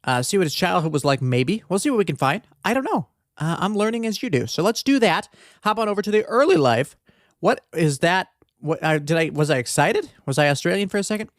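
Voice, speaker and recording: A man's voice: high voice, big pitch swings, a little fast, dry recording, studio quality. Rambling, profane male podcast host. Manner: rambling, profane, joking asides. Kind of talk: casual comedic true-crime podcast monologue. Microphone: desk podcast mic.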